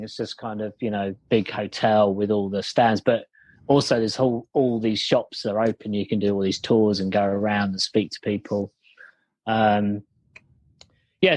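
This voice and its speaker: A man's voice: lowish voice, moderate pace, no echo. A man telling a story over a call, rambling with many fillers and restarts. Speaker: guest, company founder. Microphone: video call.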